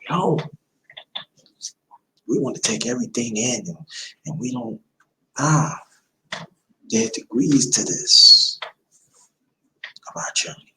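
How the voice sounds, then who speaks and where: A man's voice: mid-range voice, expressive, moderate pace, long pauses, bright, forceful tone, a little hiss or hum, rough recording. A man in his fifties hosting a livestream, giving an emphatic, repetitive motivational talk. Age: 50s. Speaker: livestream host.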